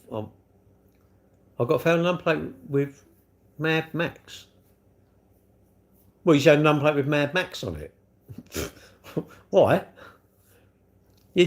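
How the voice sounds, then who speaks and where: A man hosting a live stream, chatting casually and answering comments in a rambling, jokey, self-deprecating way. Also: medium pitch. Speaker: livestream host.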